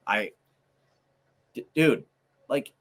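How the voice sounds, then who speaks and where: A man's voice: mid-range voice, animated, drawn-out words, slightly rough. A young man co-hosting a sports podcast, ranting in a heated, profane, exasperated way. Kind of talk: heated casual chat.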